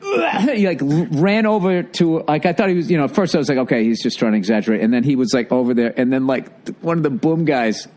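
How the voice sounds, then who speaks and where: A man chatting casually, telling a story in an animated, profane way and acting out the people in it. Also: on the high side, fast talker, hardly any pauses. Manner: animated, profane, acts out quotes with shouts.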